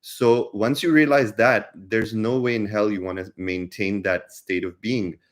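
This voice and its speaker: A man's voice: on the low side, steady tone, measured pace. A man co-hosting a casual spiritual talk, earnest and explanatory, repeating phrases for emphasis. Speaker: spiritual teacher and co-host.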